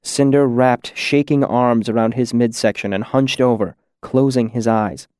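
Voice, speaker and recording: A man narrating a fantasy story in a measured, deliberate reading. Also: mid-range voice, steady tone, a little mellow, dry recording, studio quality. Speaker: audiobook narrator.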